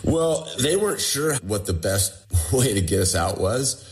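During a conversational interview, a man tells the story of surviving a personal ordeal, animatedly acting out what other people said. He speaks at a measured pace in a medium-pitched voice.

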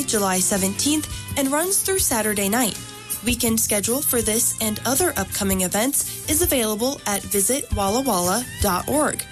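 An enthusiastic woman public radio host reads community announcements in a fairly high, bright-toned voice. A music bed plays clearly behind her. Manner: friendly and enthusiastic. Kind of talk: upbeat on-air announcements.

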